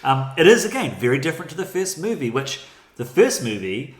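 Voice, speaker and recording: A man's voice: fairly high pitch, big pitch swings, brisk. A man co-hosting a film podcast, giving thoughtful, amused opinions with some restarts. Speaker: podcast co-host. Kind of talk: casual film discussion. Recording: echoey room.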